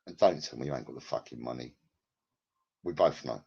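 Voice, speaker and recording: A very deep, gravelly man rambles through a casual live stream from his flat, swearing freely and bantering with viewers by name. His voice is husky and worn, heard through a headset. The sound is dull and lo-fi. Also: fairly quick. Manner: rambling, crude and profane, banters with chat by name.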